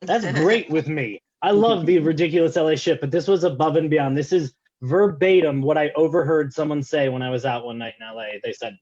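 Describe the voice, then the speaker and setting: Rambling comedian on a dull video call. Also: male voice, fairly high pitch, brisk, hardly any pauses, darkish tone. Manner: self-deprecating, rambling with filler words. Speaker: stand-up comedian. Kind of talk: stand-up set over a video call. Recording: slightly dull lo-fi call audio.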